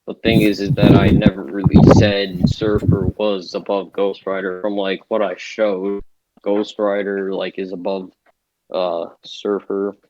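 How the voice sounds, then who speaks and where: A man's voice: low voice, level tone, unhurried, mellow, highs cut off, a little hiss or hum. A young man arguing in a casual online debate, hesitant, filling his talk with "like" and losing his thread. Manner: hesitant, heavy filler words, loses track.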